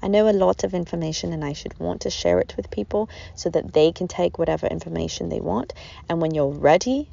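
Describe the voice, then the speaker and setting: A woman's voice: on the low side, big pitch swings, brisk, vocal fry, warm tone. A woman hosting a podcast, giving an earnest, rambling self-help talk that repeats its phrases, in a dull lo-fi recording. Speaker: podcast host.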